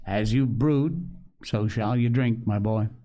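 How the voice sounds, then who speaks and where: Man voicing a stern but kindly ship's doctor for a storybook reading, slow and urgent. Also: lowish voice, dark tone. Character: earnest older male ship's doctor, stern yet kindly.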